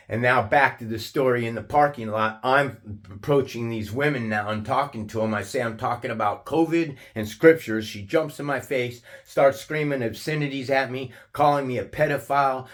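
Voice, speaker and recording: A man telling a personal story in an angry, profane rant, restarting his sentences and shouting out the lines he quotes. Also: medium pitch. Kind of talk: angry ranting monologue.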